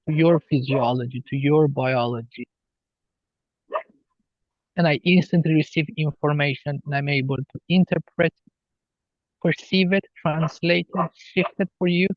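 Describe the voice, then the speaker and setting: A man talking as a healer guest on a podcast, slow and earnest as he explains spiritual ideas. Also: a little high, no echo, muffled recording. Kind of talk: podcast interview.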